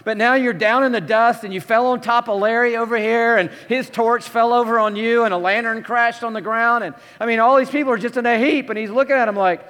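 A man preaching a sermon, telling the story with lively, dramatic shifts between hushed and loud delivery. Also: extremely high pitch, a little fast, hardly any pauses. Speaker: pastor. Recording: long hall reverb.

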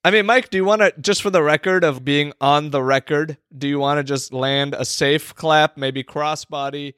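A man's voice: a little high, moderate pace, a bit bright, clean tone, no room sound, studio quality. A man co-hosting a casual podcast, teasing his friends and laughing often. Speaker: podcast co-host. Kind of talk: casual banter.

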